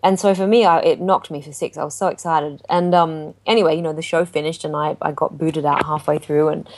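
A woman's voice: low-pitched, brisk. A woman, a jazz singer, telling a story in a casual interview and acting out what people said. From Australia. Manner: animated storytelling with acted-out quotes.

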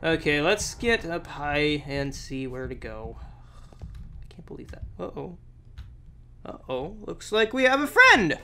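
A young man with a high, lively, bright voice narrates his gameplay, shouting at enemies and joking with the game. He is slightly sick with a sore throat, and his speech swings between unhurried musing and excited bursts. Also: creaky. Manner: excitable, exclamatory, talks to the game. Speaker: gameplay commentator. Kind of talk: let's play commentary.

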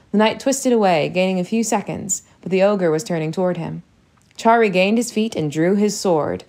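Storybook narrator, woman, steady and measured, gravelly fry. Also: mid-range voice. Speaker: audiobook reader.

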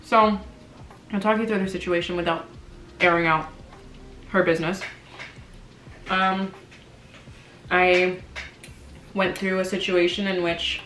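A woman's voice: lowish voice, a bit bright. A woman in her twenties from Canada, a vlogger chatting candidly while she eats. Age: 20s. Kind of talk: casual chat. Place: home room, dining at table. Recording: echoey room with faint kitchen clatter.

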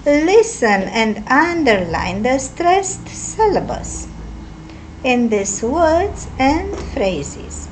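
A woman teaches English vocabulary, pronouncing each word carefully at a very slow pace. Her voice sits a little high and moves about a great deal in pitch. A faint noise hums behind her. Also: sing-song, rough recording. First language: Romanian. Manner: careful, deliberate word-by-word pronunciation. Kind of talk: slow lesson reading out word lists.

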